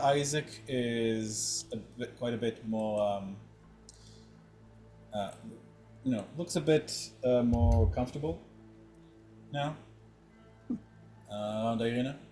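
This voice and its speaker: A man narrating a tabletop game as game master, halting with many fillers. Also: medium pitch, dark tone. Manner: hesitant, heavy on fillers.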